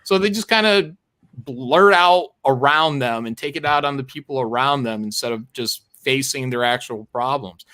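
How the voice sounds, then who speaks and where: Blunt, profane man, bright voice. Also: medium pitch, moderate pace. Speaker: co-host. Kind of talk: casual livestream chat.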